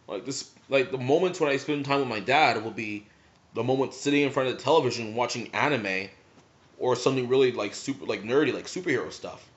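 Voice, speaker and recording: A man's voice: mid-range voice, a little fast. Rambling young man telling anime stories. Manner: rambling, many "like" fillers. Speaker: vlogger. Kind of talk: casual storytelling. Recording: slightly muffled lo-fi recording.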